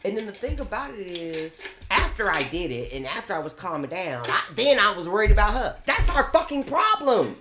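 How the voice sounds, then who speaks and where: A woman's voice: mid-range voice, big pitch swings, a little fast, hardly any pauses, reverberant, noisy background. A woman telling her story bluntly and animatedly in a candid group chat, swearing freely. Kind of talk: candid group chat about mental health. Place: bedroom with others on a bed.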